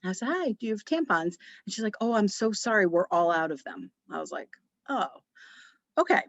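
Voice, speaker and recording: A woman hosting a podcast, telling a story in a chatty, animated way and acting out bits of dialogue. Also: mid-range voice, fairly quick, creaky, no echo, highs cut off. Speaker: podcast host. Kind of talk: casual storytelling monologue.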